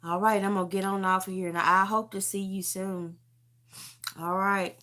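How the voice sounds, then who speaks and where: Bright-voiced middle-aged woman testifying. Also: medium pitch, level tone, moderate pace. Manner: heartfelt, repetitive, talks straight to viewers. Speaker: livestream host. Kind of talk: emotional testimony chat. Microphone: phone.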